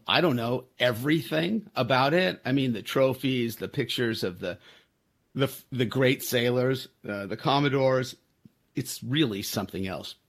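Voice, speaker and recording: This sixty-something man's voice is medium-pitched, fairly bright and slightly rough. Hosting his podcast, he tells a meandering, self-deprecating story packed with fillers and false starts.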